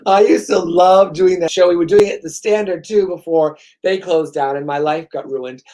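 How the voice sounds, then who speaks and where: Male host, rambling profane comic, self-deprecating, slightly higher voice. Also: steady tone, normal speed, warm tone. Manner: profane, sarcastic, self-mocking. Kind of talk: rambling comedic monologue.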